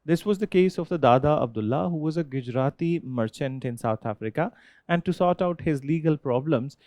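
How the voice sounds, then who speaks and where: A man's voice: a little high, fairly quick, darkish tone, no echo. A man with an Indian accent teaching a history class, asking students questions and repeating key points with frequent "okay?" checks.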